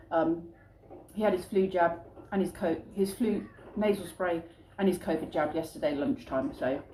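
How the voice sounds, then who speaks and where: A woman's voice: lowish voice, dark tone, reverberant, a little hiss or hum. A middle-aged British woman chatting casually to camera at home, rambling with little asides about her family's day. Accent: British English. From United Kingdom. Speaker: family vlogger.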